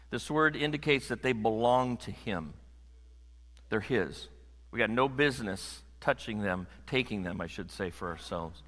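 Bright-voiced preacher in a reverberant hall. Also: male voice, lowish voice. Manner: conversational, animated, jokes with the congregation. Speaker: pastor. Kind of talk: sermon. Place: church sanctuary.

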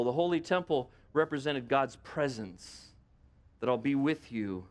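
A man's voice: on the high side, moderate pace. A man preaching a sermon as pastor in a conversational way, with lots of rhetorical questions to his listeners.

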